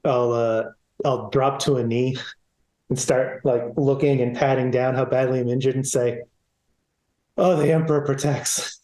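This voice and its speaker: A man's voice: mid-range voice, little pitch movement, normal speed, dark tone. A man playing a tabletop game, talking in a laid-back, hesitant way with many fillers. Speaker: player. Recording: roomy echo.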